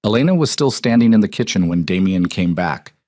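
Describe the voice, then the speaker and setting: Deep calm male audiobook narrator. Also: brisk, no room sound, studio quality. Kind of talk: scripted narration.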